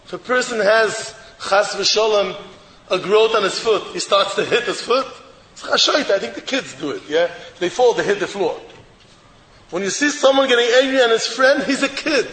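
High-voiced preacher in an echoey hall. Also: male voice, animated, normal speed, a little hiss or hum. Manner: emphatic, repeats rhetorical questions, sometimes shouts. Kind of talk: sermon. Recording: echoey hall with faint ambience.

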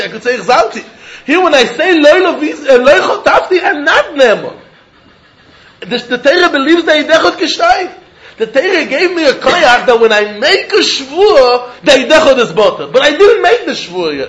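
A man leads a Talmud lesson, his voice pitched unusually high. He argues in a lively, sing-song study cadence and often laughs through his points. A faint hiss of noise sits under the recording. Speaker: Talmud teacher.

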